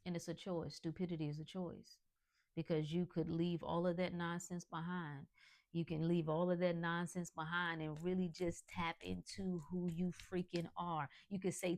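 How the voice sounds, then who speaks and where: A woman's voice: lowish voice, steady tone, moderate pace. A woman hosting a podcast, delivering an emphatic, preachy motivational monologue in colloquial speech, breaking into laughs. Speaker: podcast host.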